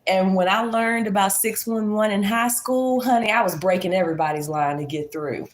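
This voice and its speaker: A woman's voice: medium pitch, normal speed. A woman vlogger chatting casually to her viewers, folksy and talkative. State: congested. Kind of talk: casual chat to camera.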